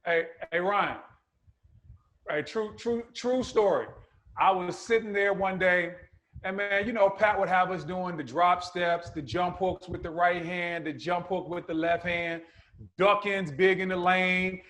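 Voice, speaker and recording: A man co-hosting a podcast, telling stories in a lively, teasing way. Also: sits high, a little slow. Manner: animated storyteller, playful teasing. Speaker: podcast co-host, former player. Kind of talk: casual podcast chat.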